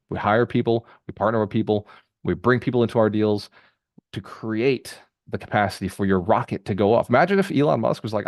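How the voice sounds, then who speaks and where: Fast-talking man, motivational. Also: fairly low pitch, no room sound, clean studio sound. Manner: energetic, conversational, rapid-fire with repeated phrases. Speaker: real estate mentor hosting a group call. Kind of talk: motivational talk to a live call.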